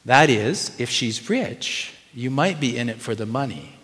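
A man's voice: medium pitch, animated, measured pace, fairly bright tone, big-room sound. A middle-aged man preaching a sermon, earnest and conversational, asking the congregation questions as he goes. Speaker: pastor.

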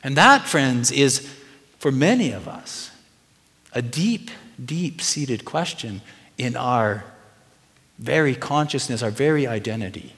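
A man's voice: medium pitch, lively intonation, slow, fairly bright tone, in a large hall. A middle-aged man preaching a sermon, earnest and conversational, asking the congregation questions as he goes. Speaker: pastor.

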